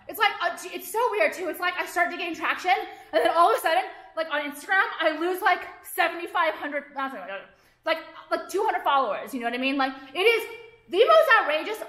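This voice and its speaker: High, bright-voiced woman ranting profanely. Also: reverberant. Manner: heated, profane, filler-heavy rant. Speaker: jewelry designer and vlogger. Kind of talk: ranting vlog monologue.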